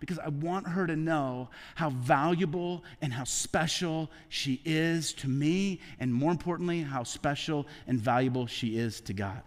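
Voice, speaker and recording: Heartfelt pastor with a slightly high voice. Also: male voice, a little slow, hardly any pauses, in a large hall. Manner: heartfelt, drops to soft hushed tones for emphasis. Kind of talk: sermon. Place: church sanctuary.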